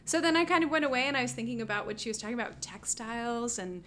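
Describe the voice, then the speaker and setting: A woman with a bright, forceful voice pitched a little high tells stories as a podcast guest. She talks casually and animatedly, full of "like" and quick laughs. A faint hiss sits under the recording. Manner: animated, laughing, many fillers. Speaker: guest musician. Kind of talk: casual storytelling interview.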